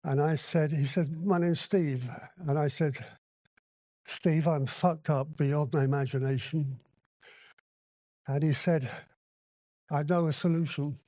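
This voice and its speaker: A man with a fairly high voice tells his recovery story with blunt candor, slipping into the voices of the people in it. The sound is close and dry, with little room around it. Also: dark tone, no echo. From Hong Kong. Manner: blunt, candid storytelling with acted-out dialogue. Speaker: recovery meeting speaker. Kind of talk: personal recovery share at a convention. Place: convention hall.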